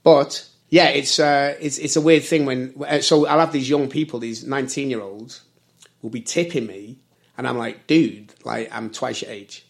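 Man, 40s, from britain, gravelly voice, rambling casual chat. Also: medium pitch, steady tone, moderate pace. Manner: rambling, self-correcting, many fillers.

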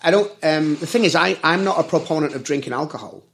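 A man in his thirties with a gravelly edge to his voice, talking in a loose, rambling way. He often stops to correct himself, and his talk is full of fillers. He sounds like a guest in a casual chat. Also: a little high, expressive, quick pace, fairly bright tone. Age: 30s. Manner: rambling, self-correcting, many fillers and restarts. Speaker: service worker and conversation guest.

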